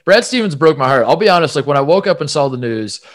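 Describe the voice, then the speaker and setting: A man's voice: fairly high pitch, lively intonation, fast. A man co-hosting a sports podcast in casual chat, rambling and poking fun at himself, with frequent stammers and restarts. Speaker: podcast co-host.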